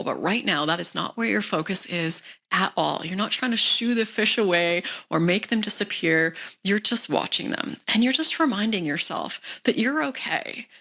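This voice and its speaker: A woman coach talks viewers through a technique in a calm, reassuring way. Her voice sits a little low but comes across bright and forward. Now and then she softens into a near whisper. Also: moderate pace, gravelly, hardly any pauses. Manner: calm, gentle, reassuring, drops into soft whispers. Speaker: wellness coach. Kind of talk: instructional talk to camera.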